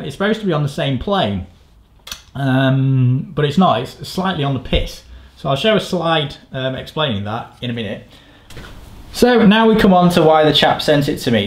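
A man reviewing a bike frame in a crude, rambling, sardonic way, swearing freely and shifting between mumbled asides and louder rants. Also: a little hiss or hum. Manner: swearing, rambling, sardonic, pitch jumps up when ranting. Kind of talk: crude comedic tech review.

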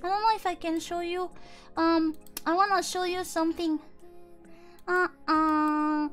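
Super high squeaky woman streamer, bubbly and playful, bit of music behind. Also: unhurried. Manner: playful, excitable, slips into mock outrage. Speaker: VTuber streamer. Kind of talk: casual livestream chat.

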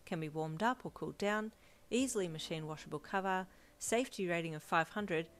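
A woman's voice: lowish voice, fairly quick, natural voice. Story reading: earnest, enthusiastic young man expecting a baby, voiced plainly by a woman narrator. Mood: amazed.

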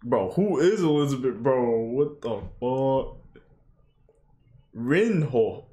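Excitable young man reacting loudly. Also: slow pace, pauses often. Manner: excitable, swearing, frequent "yo" and "bro" exclamations; bursts into laughter and high yelps. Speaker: anime reaction streamer. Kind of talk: casual reaction commentary.

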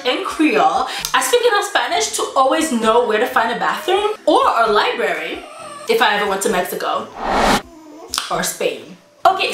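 A woman vlogger from the United States, her voice a little high and fairly bright, playfully teases herself and laughs a lot while practicing phrases aloud. The roomy recording carries background music and a little hiss or hum.

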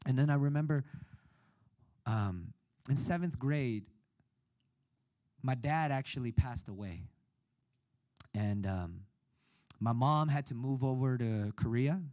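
A man in his thirties preaching a sermon over a video call, telling a personal story with lively acted-out voices. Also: mid-range voice, slow, long pauses, no echo. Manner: animated storytelling, acts out quoted voices.

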